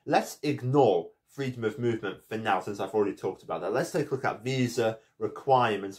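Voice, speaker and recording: A man hosting an explainer vlog, talking in a conversational, opinionated way with frequent "you know" fillers. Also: on the low side. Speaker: channel host.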